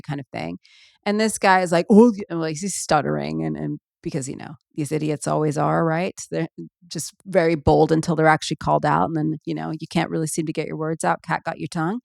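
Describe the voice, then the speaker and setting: Woman doing her own podcast, low voice with some fry, rambles with lots of ums, dry close sound. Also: steady tone, fairly quick, dry recording. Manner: rambling, full of ums and asides. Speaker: podcast host. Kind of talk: casual solo podcast chat.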